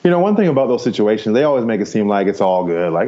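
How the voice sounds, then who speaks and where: A man's voice: fairly low pitch, very animated, quick pace, dark tone, dull audio. A man in his fifties, a podcast guest candidly recounting his life in a rambling, frank way, swearing casually and laughing easily. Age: 50s. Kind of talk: candid storytelling interview.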